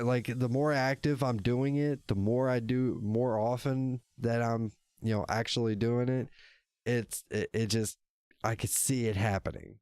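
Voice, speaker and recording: A man with a medium-pitched, slightly mellow voice hosts his own livestream show, chatting casually with viewers through a desk microphone. He rambles, corrects himself, curses plenty, and laughs often.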